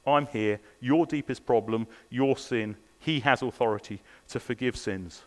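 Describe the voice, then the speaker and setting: Preaching a sermon at a church service, a man with a mid-range voice speaks a little slowly and earnestly. He presses his listeners with repeated rhetorical questions, and the long reverb of a large hall surrounds him.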